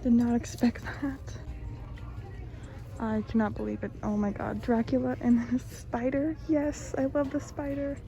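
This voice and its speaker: A woman in her early twenties filming a casual shopping vlog inside retail stores, talking excitedly and gushing over what she finds. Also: on the high side, unhurried, vocal fry, soft background music. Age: early 20s. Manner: excitable, gushing, exclaims often. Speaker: vlogger. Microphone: handheld phone camera.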